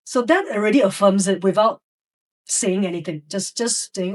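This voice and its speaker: A woman's voice: medium pitch, lively intonation, fairly quick, recorded from a distance. A woman educator telling classroom stories in a podcast interview, acting out the voices of students and teachers. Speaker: educator guest.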